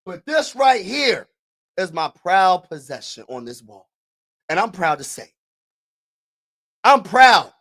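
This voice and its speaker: High, bright-voiced excited fan. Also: male voice, slow pace, pauses often. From Pennsylvania. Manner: animated and emphatic, repeating phrases, sometimes shouting. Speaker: sports vlogger. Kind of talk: excited casual fan vlog.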